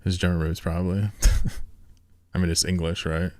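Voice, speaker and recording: A man's voice: deep voice, level tone, normal speed, darkish tone, dry recording. A man streaming a game, chatting loosely with viewers, swearing and often laughing. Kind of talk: casual live-stream chat while gaming.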